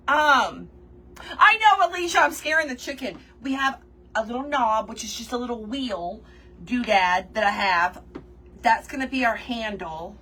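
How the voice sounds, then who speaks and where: A woman's voice: on the high side, slight background noise. A woman chatting casually with viewers during a livestream while she works on a craft project. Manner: chatty, animated, reads viewer comments aloud, laughs often.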